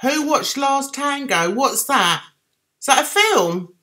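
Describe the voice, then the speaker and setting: A woman's voice: high voice, animated, takes it slowly, pushed and bright. Chatty middle-aged Cockney woman. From London, England. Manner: chatty, reads out and answers viewers' comments. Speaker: livestream host reading chat. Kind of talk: casual chat.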